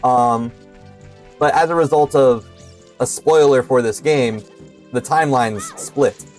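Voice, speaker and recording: A man's voice: mid-range voice, takes it slowly, faint music behind. A young man giving casual commentary while playing a video game, hesitant and full of filler words. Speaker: streamer.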